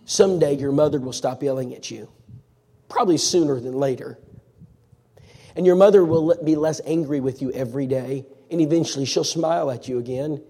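A man voicing a calm older church elder who speaks softly and slowly to reassure. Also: fairly high pitch, slightly rough, long reverb tail. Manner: soft, slow, reassuring.

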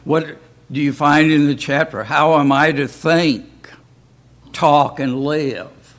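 A man's voice: a little high, steady tone, slow, fairly bright tone. A man teaching an informal Bible class in a church, talking in a folksy way and often asking rhetorical questions. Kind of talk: informal Bible study talk.

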